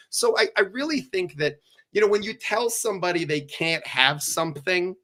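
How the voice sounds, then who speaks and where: A middle-aged divorce lawyer chats casually on a podcast in a high-pitched voice at normal speed. He's animated and sarcastic, swears freely, and acts out bits of dialogue.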